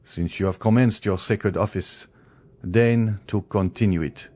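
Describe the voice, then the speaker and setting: A man's voice: on the low side, measured pace, darkish tone. A man voicing an earnest, courteous physician. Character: earnest male physician, kind.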